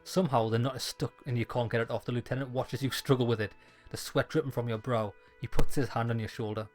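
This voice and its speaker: Soft music plays behind a gaming YouTuber who talks fast in a mid-range voice with fairly even intonation. He reads a dialogue-heavy game's lines out loud, punctuating them with wry quips.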